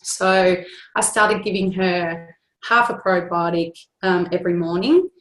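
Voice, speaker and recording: A woman on an online group call, telling the story of her young daughter's skin trouble in a steady, earnest way. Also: fairly low pitch, a little slow, echoey room, poor audio. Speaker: guest sharing a family story.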